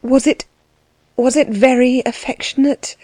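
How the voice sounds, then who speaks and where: A woman reading the lines of a tender, weary young aunt in an audiobook, soft and pleading in her speech. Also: high voice, fairly even intonation, a little slow, dry recording, pitched above the performer's own voice.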